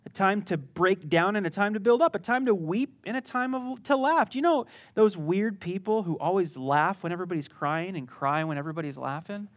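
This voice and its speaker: A man's voice: sits high, expressive, a little fast, few pauses. A middle-aged male pastor preaching a sermon in a conversational, joking storytelling manner that builds to emphatic peaks.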